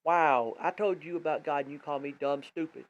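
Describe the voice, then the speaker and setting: A high-pitched man rambles and exhorts his listeners, circling back and repeating himself as he preaches. He hosts a live online radio stream. The sound is muffled and lo-fi, picked up by a tablet's built-in microphone. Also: steady tone, fairly quick, a little mellow.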